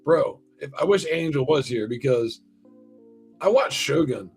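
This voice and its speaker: Man, podcast host, gravelly, swearing, rambling, lively storytelling. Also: mid-range voice, unhurried, soft background music. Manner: profane, rambling, animated storytelling. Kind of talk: casual chat.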